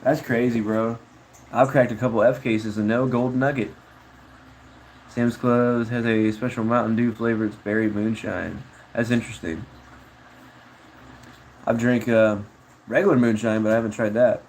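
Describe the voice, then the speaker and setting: A man's voice: medium pitch, steady tone, moderate pace, long pauses, darkish tone, a little hiss or hum, low-quality recording. A man chatting casually on a livestream, reading chat in a rambling, slangy way with frequent laughs.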